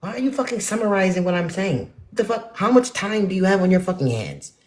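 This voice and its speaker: Profane ranting woman, lively pitch. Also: fast. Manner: blunt, profane, exasperated, swings loud and soft. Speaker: spiritual vlogger. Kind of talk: ranting casual monologue to viewers.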